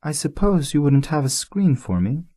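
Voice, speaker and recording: A man's voice: a little high, very animated, normal speed, warm tone, pitched above the performer's own voice. A man putting on a vain, coquettish flower. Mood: sweetly vain. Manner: sweet, affected, fussy. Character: vain, delicate female flower, coquettish and demanding. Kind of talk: audiobook character voice.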